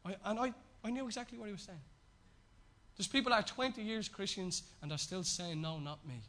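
This man's sermon is animated and brisk, conversational in style, as he swings from raised, forceful lines to low, whispered repetitions.

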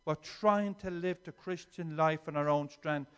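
A man preaching a sermon in an earnest way, swinging between quiet reflection and emphatic declarations, often repeating words as he goes. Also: a little high, a little slow, clean tone.

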